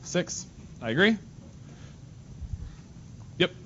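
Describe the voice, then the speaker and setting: A man's voice: sits high, big pitch swings, extremely slow, fairly bright tone. A male math teacher leading a classroom lesson, casual and joking, calling on students by name. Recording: dull lo-fi classroom recording with faint noise.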